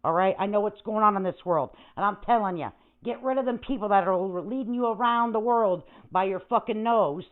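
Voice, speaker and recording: A woman's voice: mid-range voice, brisk, few pauses. An older woman hosts a livestream in a brash, foul-mouthed, rambling rant. Her voice comes through thin and phone-like, with static crackling in the audio. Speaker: livestream host.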